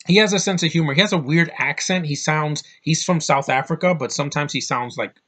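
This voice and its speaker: Bright-voiced man ranting about a movie. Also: on the high side, a little fast. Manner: rambling, profane, fired-up. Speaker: movie reviewer. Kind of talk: casual movie review vlog.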